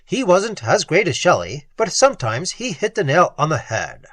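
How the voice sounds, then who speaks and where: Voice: mid-range voice, huge pitch swings, dry recording. A cool, analytical psychiatrist who picks his words with clinical care, as a storyteller puts him on. His delivery rises and falls widely and sounds dry and close. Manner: measured and clinical.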